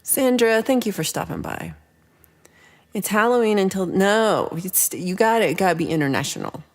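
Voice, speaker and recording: A woman's voice: mid-range voice, lively intonation, moderate pace. A woman hosting a casual livestream chat, rambling playfully through viewer comments with frequent whispered asides. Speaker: livestream host.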